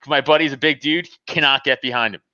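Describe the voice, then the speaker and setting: This podcast host talks fast at a medium pitch, swearing plenty and laughing often as he tells a casual story. He's animated, voicing both sides of the argument himself. The recording is dry and sounds dull.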